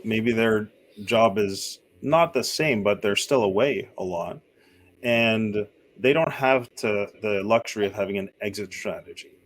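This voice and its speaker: A man co-hosting a podcast, asking long, thoughtful interview questions and pausing to find his words. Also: lowish voice. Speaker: podcast co-host.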